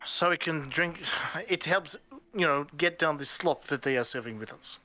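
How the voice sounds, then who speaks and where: A man voicing an earnest young man who speaks calmly in formal phrasing. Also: fairly high pitch, normal speed, soft background music. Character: earnest young man defying his family.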